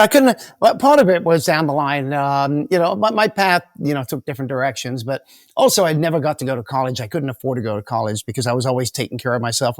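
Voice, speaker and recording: A man's voice: medium pitch, no room sound, studio quality. A man as an interview guest, telling rambling stories with many restarts and repeated words. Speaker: guest mentalist. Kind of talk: storytelling interview answers.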